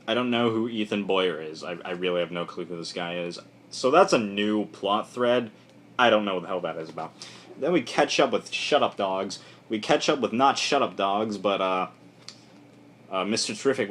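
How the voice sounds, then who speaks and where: A man's voice: on the low side, fairly bright tone. A young man giving a casual, rambling spoken review with frequent fillers and restarts. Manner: rambling, loose and offhand, lots of "like" and restarts. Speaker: comic book reviewer.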